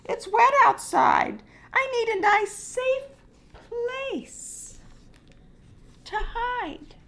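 Woman doing a high clucking little hen. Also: sing-song, drawn-out words, gravelly, fairly bright tone, heavily acted. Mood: worried. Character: fussy little female hen, wet and anxious.

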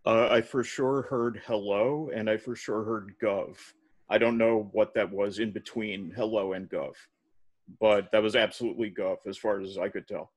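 A man's voice: lowish voice, steady tone, normal speed. A man co-hosting a podcast in casual chat, mostly agreeing in short replies. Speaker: podcast co-host.

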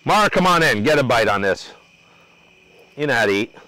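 A man's voice: medium pitch, animated, moderate pace, bright, forceful tone, low-quality recording. A man hosting an outdoor cooking demo at a grill, talking loosely and joking with his crew and the viewers. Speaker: cooking show host.

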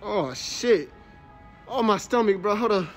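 Guy doing a gruff masked dude groaning like he's in labor, streetwise talk, out on a busy street with crowd noise. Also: sits high, lively intonation, a little slow, faint music behind. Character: gruff man in a monster mask claiming to be in labor.

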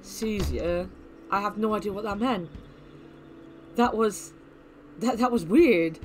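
A woman's voice: medium pitch, takes it slowly, a little hiss or hum, rough recording. A woman streaming a horror game, reading its dialogue aloud and making offhand remarks in casual commentary.

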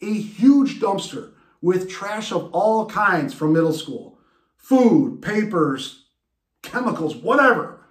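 A man hosting a podcast and telling a personal story in an animated way, with restarts and laughs. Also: high voice, takes it slowly, roomy sound. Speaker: podcast host. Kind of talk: storytelling monologue.

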